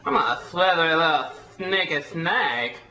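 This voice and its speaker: Person doing a sneaky little snake, drawn-out and bright, roomy echo. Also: medium pitch, animated. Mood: sly.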